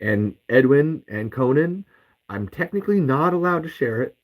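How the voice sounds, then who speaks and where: A man's voice: medium pitch, lively intonation, moderate pace, low-quality recording. A man hosting a podcast, ranting in anger with heavy swearing and repeated curses. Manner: profane, heated, repeats curses. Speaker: podcast host. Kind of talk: angry ranting podcast monologue.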